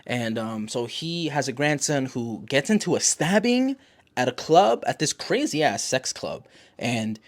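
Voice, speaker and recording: Dude rambling thru a show recap, cussing, lots of self-corrections, super animated voice. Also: male voice, medium pitch, measured pace. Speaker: show host. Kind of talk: casual TV episode recap.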